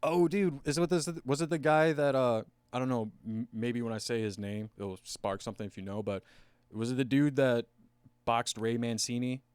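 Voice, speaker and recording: A man co-hosting a podcast, talking in a casual, rambling, animated way with lots of filler words. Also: medium pitch, moderate pace, clean tone, dry recording. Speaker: podcast co-host. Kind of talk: casual chat.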